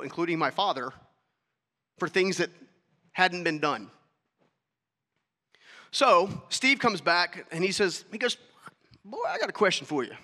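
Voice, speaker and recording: A man with a bright, high-pitched voice gives a motivational talk to an audience, telling a story and acting out both sides of the dialogue. He keeps turning to the crowd with questions. His voice rings out with the long reverb of a large hall. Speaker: speaker.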